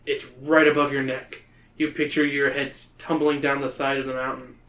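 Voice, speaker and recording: A man's voice: medium pitch, level tone, moderate pace, a bit bright. Male host reading a kids' book aloud, playful, roomy echo. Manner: playful, breaking into laughter.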